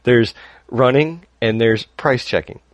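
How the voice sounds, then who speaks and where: A man's voice: medium pitch, slow pace, no room sound. A man hosting a podcast, talking casually and rambling a little, laughing often as he reads listener email. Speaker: podcast host.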